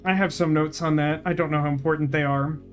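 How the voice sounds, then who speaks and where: A man's voice: a little high, fairly even intonation, fast, soft background music. A man giving let's play commentary, thinking aloud as he works through puzzles, with wry, sarcastic asides. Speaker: gaming channel host.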